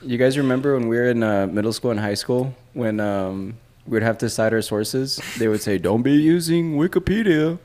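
A man's voice: on the low side, fairly even intonation, moderate pace, hardly any pauses, darkish tone. A man in casual group banter, laid-back and swearing freely as he reads out bits of trivia.

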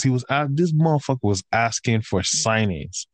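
A man's voice: fairly low pitch, expressive, measured pace, dry recording. A man in casual chat, ranting heatedly about football with constant swearing and slang. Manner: heated, profane rant with slang like bro. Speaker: podcast host and football fan.

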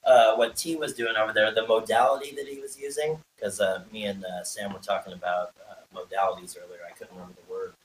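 A man co-hosting a podcast, explaining counseling terms in a halting casual way. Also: on the low side, steady tone, slight background noise. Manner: explains with clinical terms, many "uh" pauses. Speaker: podcast co-host. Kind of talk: casual chat. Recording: roomy echo.

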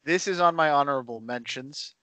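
A man co-hosting a casual wrestling podcast, animated and playful as he banters with his co-host. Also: fairly high pitch, fairly quick, dry recording.

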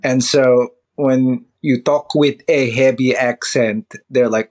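A man's voice: medium pitch, fairly even intonation, slow pace, few pauses, a little mellow. A man guest on a podcast, chatting casually with many restarts, fillers and laughs. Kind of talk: casual interview chat.

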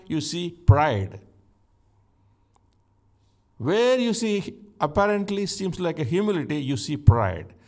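A man preaching a sermon, teaching slowly and emphatically from scripture and rising to exclamations. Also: a little high, a little mellow.

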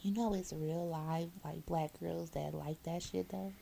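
A woman's voice: lowish voice, a little slow, vocal fry, a little hiss or hum. A woman who drives a bus, chatting casually and telling blunt, profane work stories. She acts out the people in them. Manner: animated storyteller, acts out quotes, laughs often.

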